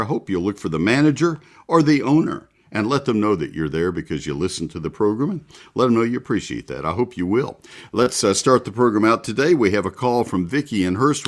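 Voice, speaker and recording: Deep-voiced radio host. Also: male voice. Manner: folksy, chatty, with frequent filler ums. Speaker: radio gardening show host. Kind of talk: live call-in radio talk with read ads.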